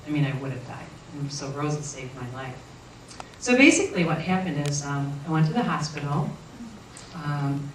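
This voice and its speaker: Woman guest, earnest halting storyteller, roomy distant recording with faint noise. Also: extremely low pitch. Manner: earnest, halting with frequent restarts. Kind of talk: personal storytelling.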